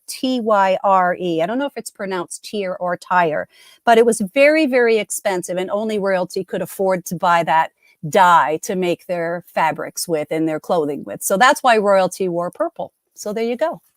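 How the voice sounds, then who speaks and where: Her mid-range voice moves at a moderate pace, captured dry with clean studio sound. She's a middle-aged woman hosting live trivia, chatty and cheerful, often abandoning sentences halfway.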